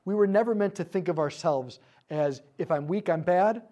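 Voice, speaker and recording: A man teaching a group, telling a story about inner-healing prayer and dropping to hushed tones for quoted prayers. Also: high-pitched, normal speed. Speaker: speaker leading a prayer ministry session.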